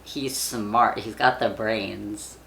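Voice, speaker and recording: A young man chatting casually to camera, with a gravelly, fry-edged voice that still sounds bright and forward. He rambles, leans on fillers and swears offhandedly. There's a faint hiss underneath. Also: lowish voice, fairly even intonation, takes it slowly. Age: young adult. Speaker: vlogger. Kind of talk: casual chat.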